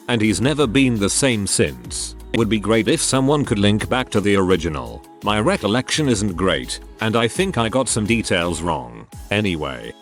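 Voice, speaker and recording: A man narrating a series of forum stories in a steady scripted reading. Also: fairly low pitch.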